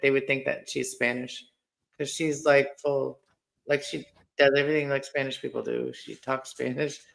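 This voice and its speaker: Casual YouTuber man from a Mennonite community in Mexico; rambling, filler-heavy, tense bright tone. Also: a little high, creaky. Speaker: YouTuber, co-host of live chat. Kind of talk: casual chat.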